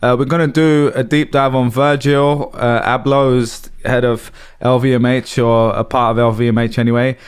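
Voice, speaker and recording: A man's voice: mid-range voice, flat delivery, moderate pace, hardly any pauses, smooth. A man co-hosting a podcast, casually laying out the topics for the group. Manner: easygoing, sets up topics for the group. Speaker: podcast co-host. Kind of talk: casual chat.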